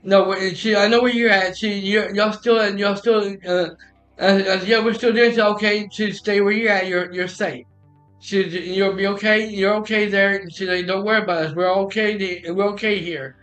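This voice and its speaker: A man's voice: high voice, fairly even intonation, moderate pace, a bit bright, soft background music. A man telling a personal story in a casual, rambling way, often restarting and repeating "I said.".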